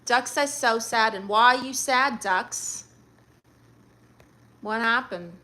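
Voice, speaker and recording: Sassy bright-voiced woman livestreamer. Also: a little high. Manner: sassy, teasing, quick comebacks. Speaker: livestream host reading chat. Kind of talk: casual livestream chat.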